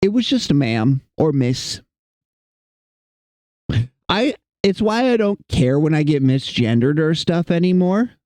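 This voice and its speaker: A man's voice: fairly high pitch, lively intonation, measured pace, long pauses, a little mellow, no room sound. A young man streaming while he draws, chatting with viewers in a rambling, self-mocking, jokey way. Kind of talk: casual livestream chat while drawing.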